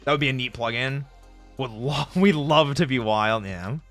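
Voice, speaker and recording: A man streaming casually, chatting with viewers in an animated, jokey way and laughing often. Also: medium pitch, moderate pace. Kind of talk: casual live-stream chat answering viewers. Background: faint background music.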